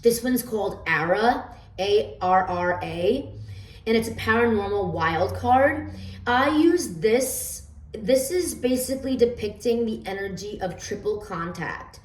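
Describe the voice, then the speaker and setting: An oracle card reader describes her homemade cards in a relaxed, rambling way, with fillers and stumbling restarts. Her mid-range voice is unhurried with lively intonation. There's a roomy echo, and she's some distance from the microphone.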